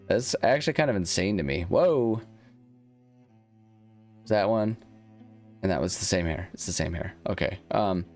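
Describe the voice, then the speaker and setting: A very low-voiced man talks casually through a video game, rambling and restarting as he thinks aloud. He is self-deprecating about his own choices, and faint guitar music plays underneath. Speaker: let's-play host. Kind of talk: casual gameplay commentary.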